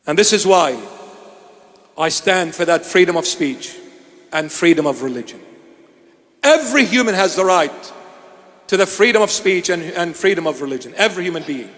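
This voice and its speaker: Man, from Iraq, preacher, high voice, emphatic, deliberate, sermon address, echoing church hall. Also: animated, fairly bright tone. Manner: emphatic, deliberate, with repeated phrases. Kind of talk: impassioned sermon-style address.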